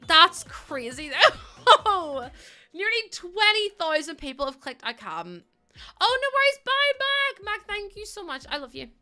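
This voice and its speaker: A woman's voice: very high voice, very animated, a little slow, sharp tone, faint music behind. A young woman chatting casually with her live-stream viewers, bubbly and giggly. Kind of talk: casual live-stream chat while playing.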